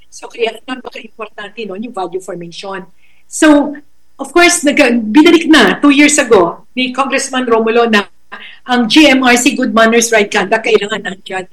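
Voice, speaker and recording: A middle-aged woman with a Filipino accent, a school educator giving a talk on raising children, slow and emphatic, switching languages, telling stories. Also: fairly high pitch, a bit bright, rough recording. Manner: code-switching, storytelling, slow emphatic phrasing.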